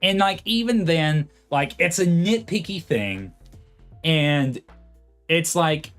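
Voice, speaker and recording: A man's voice: a little high, lively intonation, slow pace, a bit bright, soft background music. A man in his late twenties chatting casually on a livestream, rambling and reading viewer comments aloud. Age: late 20s. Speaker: streamer host.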